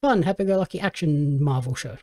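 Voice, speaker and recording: A man's voice: fairly high pitch, brisk, warm tone. A man hosting a casual podcast chat about films and shows, easygoing and quoting his own reactions. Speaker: podcast host.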